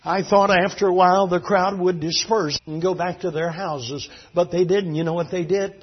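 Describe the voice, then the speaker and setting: A man preaching a sermon as a fervent, dramatic storyteller whose voice swings between hushed and loud. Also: high-pitched, steady tone, normal speed, slightly rough. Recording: dull lo-fi recording.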